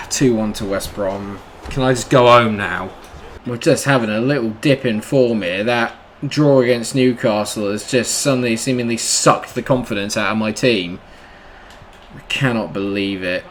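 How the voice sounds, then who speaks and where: A young man with an ordinary mid-range voice talks over his own football video game match. He grumbles quietly about bad luck and sneers sarcastically at his opponents. Every so often he breaks into loud, high outbursts at the referee or cheers a goal. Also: moderate pace. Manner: frustrated, sarcastic, swings between muttering and shouting. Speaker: gaming YouTuber. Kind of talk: live gameplay commentary.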